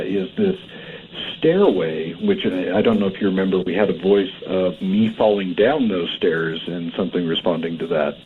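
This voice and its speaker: A man telling a story in a casual chat, rambling with fillers and restarts. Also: sits low. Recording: tinny phone-like line with faint noise.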